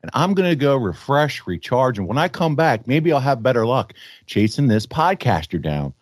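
A man with a middle-pitched voice that moves a lot as he talks, a bit hoarse this morning. He hosts in a friendly, chatty way, recorded dry and close to the mic. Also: big pitch swings, moderate pace, no echo. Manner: friendly, chatty, reads ad copy. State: slightly hoarse. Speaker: podcast host. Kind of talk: casual podcast chat.

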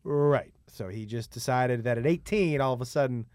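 A man hosting a podcast, talking casually in a blunt, profane, animated way. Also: medium pitch, moderate pace, smooth, no room sound. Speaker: podcast host. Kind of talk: casual conversation.

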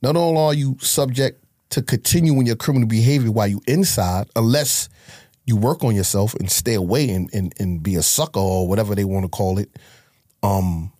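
Husky New man, blunt storyteller. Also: fairly low pitch, mellow, dry recording, studio quality. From Harlem, New York. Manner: blunt, profane, emotional storytelling. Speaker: guest. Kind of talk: candid life-story interview.

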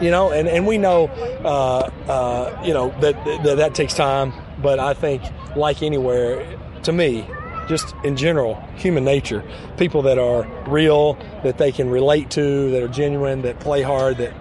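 A man's voice: medium pitch, steady tone, normal speed, noisy background. A man being interviewed outdoors at training camp as a football player, talking earnestly and falling back on cliches. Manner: earnest, repetitive, cliche-laden.

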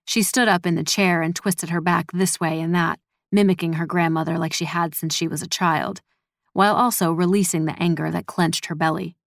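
A woman narrating a scripted audiobook story in a measured, steady way. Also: fairly low pitch, gravelly, no room sound, studio quality.

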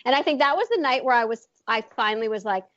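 A woman's voice: a little high, fast, fairly bright tone, no room sound. Chatty woman guest in her 40s, lots of ums and restarts, muffled audio. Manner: chatty, rambling, many fillers and restarts. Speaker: author and medium, interview guest. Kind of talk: casual interview storytelling.

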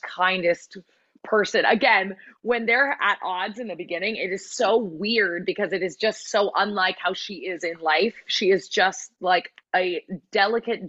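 A woman's voice: mid-range voice, fairly bright tone, dry recording, dull audio. A woman, a musical theatre actress, chatting as a guest in an interview with lots of fillers and restarts. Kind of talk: casual interview chat.

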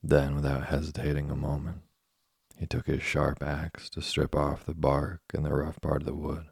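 A man reading a classic children's story aloud as a slow, soft, monotone sleep story. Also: rumbling low, gravelly, slightly rough, no room sound, studio quality. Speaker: narrator. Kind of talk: scripted sleep story narration.

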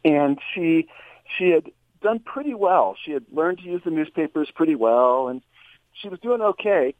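Male therapist guest calling in by phone, slightly higher voice, animated storyteller, dry thin sound. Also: normal speed, no room sound. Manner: animated storyteller, voice rises for quoted lines. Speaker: psychotherapist guest. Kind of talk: anecdotal storytelling. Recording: tinny phone line.

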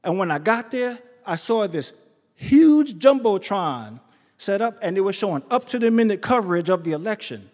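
A man telling a true story live on stage, animated and acting out the voices of people he quotes. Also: normal speed. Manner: animated, acts out quotes with big pitch jumps. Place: theater stage before an audience. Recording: live stage recording with hall reverb.

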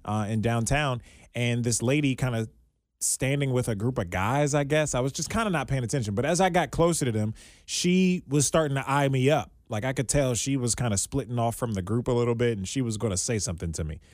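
Speaking briskly in a medium-pitched voice, a man co-hosting a podcast recounts a story through casual conversation and frequent laughter. The studio sound is clean, with no echo.

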